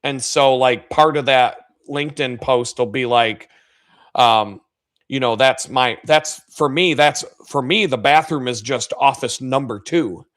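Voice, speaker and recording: A foul-mouthed man hosts a live stream, spinning crude stories about office life. He talks casually and loosely, swearing constantly and often laughing at his own jokes. His voice sits at an ordinary pitch for a man. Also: unhurried, a bit bright. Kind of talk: profane casual storytelling.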